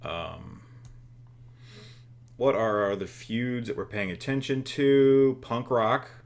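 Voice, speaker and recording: A man's voice: mid-range voice, slow pace. A man co-hosting a casual game session, thinking aloud with fillers and jokes. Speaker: co-host. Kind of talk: casual chat while playing a booking game.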